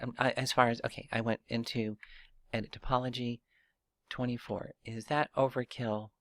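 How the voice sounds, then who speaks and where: A man with a medium-pitched, slightly bright voice, recorded in clean studio sound with no room sound, gives a casual screen-recorded 3D modeling tutorial. He works step by step, thinking aloud with fillers and restarts.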